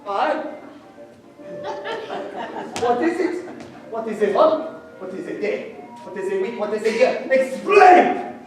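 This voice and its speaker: Cyrano, a young man playing a booming long-nosed showman. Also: sing-song, slow pace, pauses often, full character voice. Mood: manic, theatrical. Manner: loud, wildly theatrical, booming declamation. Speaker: stage actor. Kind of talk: school stage play. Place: school theatre stage. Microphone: far room microphone. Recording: very echoey stage recording from far off, faint music.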